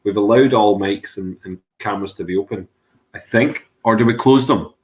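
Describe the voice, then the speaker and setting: A man's voice: fairly low pitch, moderate pace, a little mellow. A man hosting an online whiskey tasting over a video call, chatty and jokey. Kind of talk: casual chat.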